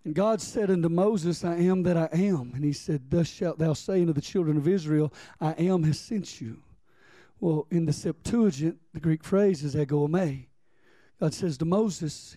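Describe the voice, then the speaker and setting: A man's voice: on the high side, normal speed, warm tone, dry recording. A man preaching a sermon as pastor, reading scripture and calling on the congregation to respond.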